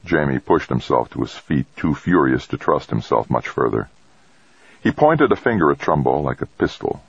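A man reading a novel aloud in a measured, steady narration. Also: a bass voice, gravelly, breathy edge, no room sound, dull audio. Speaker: audiobook narrator.

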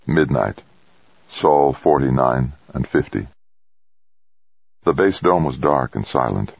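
A man narrating an audiobook in an even, measured storytelling manner. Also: a bass voice, creaky, breathy edge, no echo, lo-fi sound. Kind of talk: scripted narration.

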